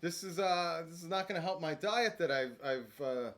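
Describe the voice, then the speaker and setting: A man's voice: a little high, lively intonation, moderate pace, fairly bright tone. A man co-hosting a podcast in casual chat, tasting treats, trailing off into fillers and restarts. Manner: hesitant, many filler restarts. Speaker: podcast co-host.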